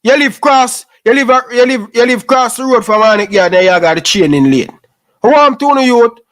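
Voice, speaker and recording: High-pitched Jamaican man, scolding rant. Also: animated, normal speed, a bit bright. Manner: preachy, repetitive, scolding in patois. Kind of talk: impassioned rant.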